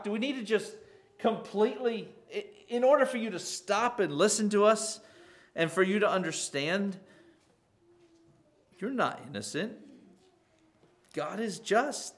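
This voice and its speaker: A man with a somewhat raised pitch gives an expository sermon. He reads scripture aloud, then restates it in pointed rhetorical questions, his voice climbing for emphasis and dropping low to explain. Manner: swings between loud pointed questions and quiet explanation. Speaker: preacher. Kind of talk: expository Bible teaching.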